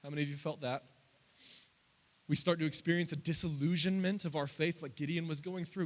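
A man in his thirties preaching a sermon, climbing loud and high through lists and quoted prayers, then dropping low and quiet. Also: normal speed, long pauses. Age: 30s. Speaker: pastor.

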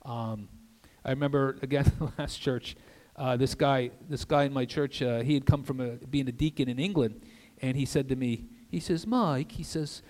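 An older man preaching an earnest sermon as a guest pastor in a church, with conversational asides and soft drops for emphasis. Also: medium pitch, moderate pace, few pauses. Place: church sanctuary. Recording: long reverb of a church hall.

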